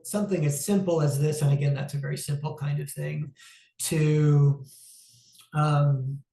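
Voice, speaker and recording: A man giving an informal, reflective talk on mental health, conversational and pausing with frequent "um"s. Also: on the high side, creaky, dark tone. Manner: reflective, conversational, acts out inner self-talk; frequent "um" pauses. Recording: roomy echo.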